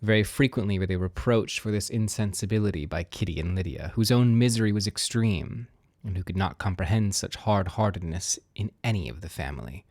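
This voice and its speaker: Low calm guy reading a book aloud, soothing, dry close mic. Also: brisk, no echo. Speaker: audiobook reader. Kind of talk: gentle storybook narration.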